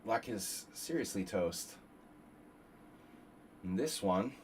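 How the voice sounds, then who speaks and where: A man's voice: on the low side, lively intonation, slow pace, a little hiss or hum, low-quality recording. A man streaming a chess simul, thinking aloud through moves and bantering with chat in a wry, meandering way. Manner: muttering through move calculations, wry asides. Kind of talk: live chess commentary with chat.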